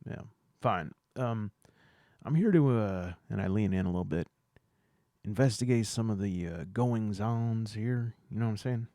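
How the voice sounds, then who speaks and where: A man playing an awkward male out-of-town investigator in a put-on Southern US accent, fumbling and halting. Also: on the low side, mellow, no room sound, studio quality, close to an everyday voice.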